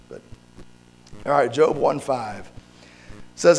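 Gravelly, hoarse man preaching a sermon. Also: fairly high pitch. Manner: halting, searching for words with restarts. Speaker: pastor. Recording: long hall reverb.

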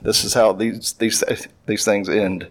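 A man with a lowish, fairly even voice teaches through a Bible passage verse by verse at an unhurried pace. He reads the old text aloud, then explains it plainly in everyday words, conversational and full of filler and sentence restarts. The recording is rough.

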